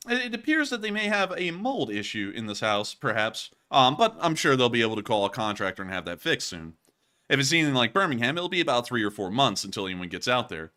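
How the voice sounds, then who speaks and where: Hosting over war footage, a man comments casually, joking, rambling, and laughing at his own slips. His voice is medium in pitch, pushed and bright.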